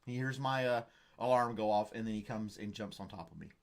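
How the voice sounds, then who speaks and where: Rambling, jokey host. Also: male voice, lowish voice, a little fast. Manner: rambling, jokey, reads viewer comments. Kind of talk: casual live-stream chat.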